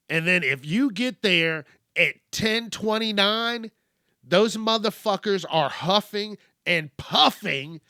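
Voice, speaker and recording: Male solo host, blunt profane rant, unhurried delivery, dry close sound. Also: on the high side, pushed and bright, no echo. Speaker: podcast host. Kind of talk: solo ranting monologue.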